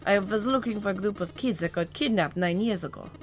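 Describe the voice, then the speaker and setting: Over soft background music, a woman in a natural, medium-pitched voice reads a visual novel aloud as an ex-cop, a troubled grown man who has lost his memories. She speaks haltingly and searchingly, in an explaining mood.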